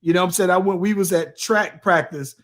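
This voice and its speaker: A man in his late thirties, co-hosting a podcast and telling a story in an animated, slangy way, often tossing in "bro" and "right?". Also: high voice, a little fast. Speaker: podcast co-host. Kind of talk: casual storytelling chat.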